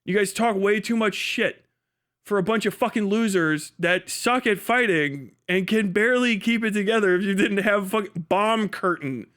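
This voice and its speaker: A man's voice: high-pitched, normal speed, fairly bright tone. A man hosting a livestream, ranting heatedly and profanely, mocking and breaking into laughs. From United States. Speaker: livestream host.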